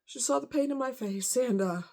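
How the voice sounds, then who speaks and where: A woman's voice: fairly high pitch, normal speed, warm tone. A woman telling a painful personal story off the cuff, emotional and rambling, with many fillers.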